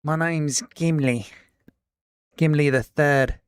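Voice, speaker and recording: A man voicing a belligerent male dwarf with a put-on British accent, loud, profane and threatening. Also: on the high side, fairly even intonation, very slow, clear, resonant tone, no echo, clean studio sound. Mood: boastful.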